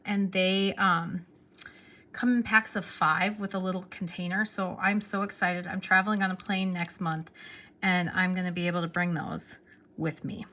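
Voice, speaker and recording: Young woman, bright chatty vlogger, gushing and rambling, faint room hiss. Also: fairly low pitch. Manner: excitable, chatty, trails off and restarts. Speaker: pen vlogger. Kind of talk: casual show-and-tell vlog.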